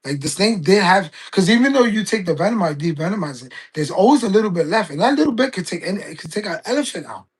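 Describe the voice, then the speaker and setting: A man's voice: sits high, sing-song, fast, hardly any pauses, husky. A man, chatting casually on a live stream and rambling through stories full of fillers and restarts. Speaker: game streamer.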